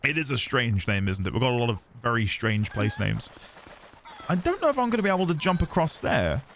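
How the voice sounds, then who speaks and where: A man's voice: medium pitch, very animated, fairly quick, fairly bright tone, slight background noise. A man chatting casually on a live game stream, rambling and self-deprecating.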